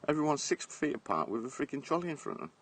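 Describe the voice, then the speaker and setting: Outdoors in his garden, phone held out at arm's length, this middle-aged man from England talks bluntly on a casual live stream, swearing and laughing a lot. He's a fast talker with a slightly high, bright, slightly rough voice that swings widely in pitch.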